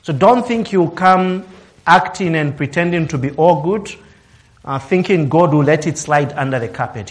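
A man delivers a sermon in a somewhat high voice. He rises and falls in pitch and loudness to stress his points, acting out quotes and breaking into short laughs. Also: animated, normal speed. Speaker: preacher. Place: office worker.

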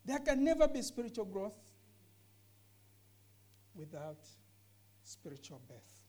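Woman, scripture teacher in a discussion; earnest, emphatic, repeats points, lively pitch. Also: slow. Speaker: bible teacher.

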